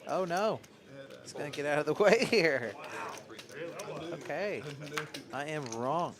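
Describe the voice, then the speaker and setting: A man's voice: on the high side, animated, takes it slowly. A man doing casual, rambling live poker commentary with frequent laughter. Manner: chatty, laughs often, loose and rambling. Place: card room. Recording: card room crowd noise behind.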